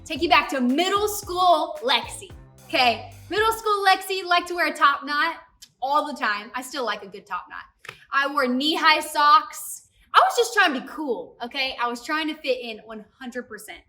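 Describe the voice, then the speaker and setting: A young woman with a high, bright voice tells a story to a youth group in a lively way, often turning to speak straight to the kids. She sounds a bit distant from the mic, and soft music plays underneath. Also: moderate pace. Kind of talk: personal story in a youth service talk.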